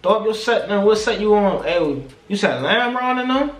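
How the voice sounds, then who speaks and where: A cocky street tough barks challenging questions, the voice pushed noticeably higher than a plain speaking voice, as a man puts him on. It rings out in an echoey room. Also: animated, normal speed. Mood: mock-tough. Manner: challenging, mock-menacing questions.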